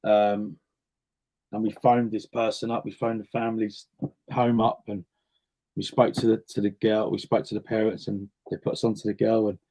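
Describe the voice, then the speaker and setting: A man's voice: fairly low pitch, level tone, moderate pace, dark tone. Chatty man telling anecdotes. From North West London. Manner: chatty anecdotal storytelling, repeats words while thinking. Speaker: interview guest, singer and actor. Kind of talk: casual interview chat.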